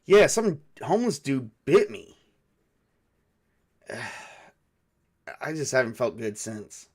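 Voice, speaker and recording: A man's voice: medium pitch, sing-song, slow, husky, full character voice. Man voicing a sick, stammering bitten guy. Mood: weary. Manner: stammering, shaky. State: feverish, unwell.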